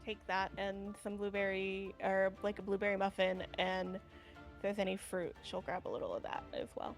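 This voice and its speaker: A woman's voice: mid-range voice, normal speed, faint music behind. A woman playing in a tabletop game over an online call, casual and chatty with many fillers. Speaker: player.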